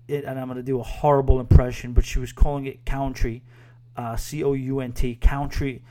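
A podcast host rambles casually through a review into a microphone, tossing in crude asides and self-mocking laughs. His male voice is mid-range and dark-toned, with a flat, brisk delivery.

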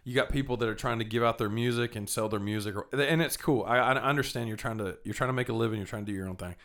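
Rattling off travel tales at a quick pace, a young man with a medium, slightly bright voice keeps things loose, starting sentences over and dropping the occasional curse word.

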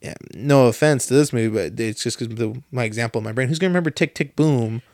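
A man's voice: mid-range voice, fast, dry recording, clean studio sound. A young man chatting casually as a podcast co-host, telling stories with lots of swearing and animation. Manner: profane, animated storyteller. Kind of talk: casual chat.

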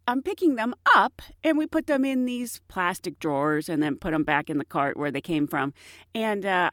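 A woman flight attendant casually telling stories from her flights, acting out passengers and herself in quick bursts. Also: no room sound, clean studio sound. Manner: animated, mimics passengers in high bursts. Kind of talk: casual storytelling.

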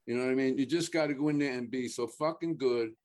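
A man's voice: mid-range voice, fast, darkish tone. A man chatting casually as a guest actor, starting over and repeating words, swearing offhand. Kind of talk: casual podcast chat.

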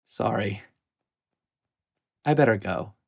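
A woman's voice: extremely low pitch, very animated, pitched below the performer's own voice, full character voice. Woman voicing awkward, flirty college jock. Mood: sheepish. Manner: halting, stammering, hushed. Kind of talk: dramatized audio fiction.

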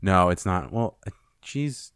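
A man's voice: sits low, takes it slowly, clean tone, no echo, clean studio sound. A young man co-hosting a podcast, joking casually with some swearing. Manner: joking, profane, lively. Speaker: podcast co-host. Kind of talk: casual chat.

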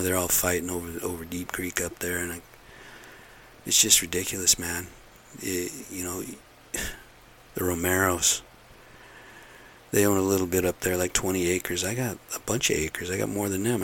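Middle-aged man, very low voice, blunt aggrieved rambling monologue to camera. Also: fairly bright tone, a little hiss or hum. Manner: aggrieved, blunt, repetitive ranting.

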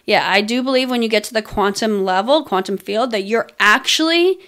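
Outspoken woman host, fairly high voice. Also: brisk, a bit bright. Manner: candid, swears freely, lots of fillers. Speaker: podcast host. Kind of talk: casual storytelling chat.

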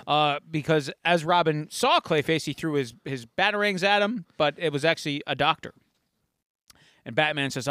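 Podcast guy, high bright voice, animated storytelling recap, dry close mic. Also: normal speed, no echo. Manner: animated storytelling, acting out quotes. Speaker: podcast host. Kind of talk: casual episode recap.

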